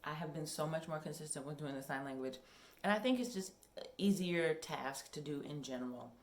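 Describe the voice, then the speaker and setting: A woman's voice: deep voice, brisk, roomy sound. A young woman in casual vlog chat at home, rambling and chatty with many ums. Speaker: vlogger. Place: home workout room.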